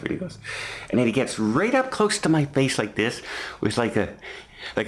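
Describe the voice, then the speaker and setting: A vlogger in his fifties speaks to camera from a hotel in a medium-pitched, very animated voice at a moderate pace. He's chatty and casual, retelling an incident step by step.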